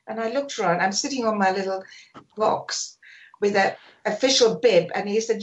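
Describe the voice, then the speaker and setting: Older woman telling lively stories. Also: medium pitch, moderate pace, muffled recording. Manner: animated storyteller, acts out quotes. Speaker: guest, sports photographer. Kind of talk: telling stories in a radio interview.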